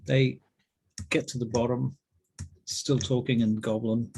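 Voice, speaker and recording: A man narrating as dungeon master, relaxed and often pausing with ums. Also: mid-range voice, vocal fry, slight background noise. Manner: relaxed, hesitant with many ums. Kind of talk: narrating a tabletop game.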